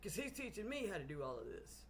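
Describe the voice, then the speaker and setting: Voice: mid-range voice, very animated, fast, fairly bright tone, a little hiss or hum. A storyteller voicing a young, inexperienced witch who is hesitant but eager to help.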